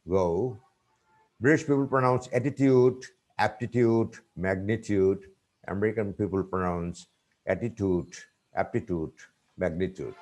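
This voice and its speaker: Male university lecturer, slow and deliberate, lowish voice, webinar talk. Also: a little mellow. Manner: slow, deliberate, repeats example words.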